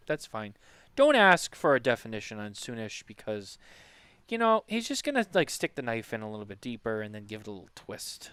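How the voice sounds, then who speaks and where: A man hosting a casual podcast chat, giving teasing, deadpan mock advice. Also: mid-range voice, smooth, no echo. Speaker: podcast host.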